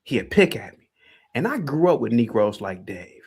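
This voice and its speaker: A man's voice: mid-range voice, sing-song, moderate pace, gravelly, darkish tone, slightly rough. A man hosting a call-in livestream, taunting and confrontational, repeating his points. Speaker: livestream host. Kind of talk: heated call-in stream rant.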